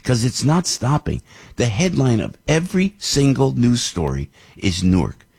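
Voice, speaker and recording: An older man, hosting a political talk show in a fired-up, ranting monologue full of loud rhetorical questions. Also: medium pitch, wildly swooping pitch, a little slow, vocal fry, husky. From New Jersey. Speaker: radio talk show host.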